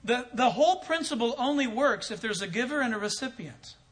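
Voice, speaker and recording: A man's voice: extremely high pitch, expressive, a little fast, fairly bright tone. A man telling a story in a sermon as a pastor, acting out both sides of a conversation and chuckling often.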